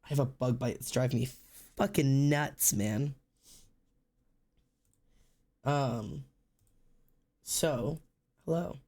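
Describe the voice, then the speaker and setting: A man with a sore throat, chatting casually on a livestream while he draws, rambling and swearing freely in a deliberately low-energy way. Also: darkish tone.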